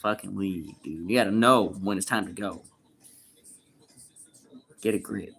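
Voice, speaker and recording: A man's voice: deep voice, a little slow, gravelly, a bit bright, husky. A young man livestreaming, answering chat questions in crude, profane, slangy banter. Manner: reads chat questions aloud and answers bluntly.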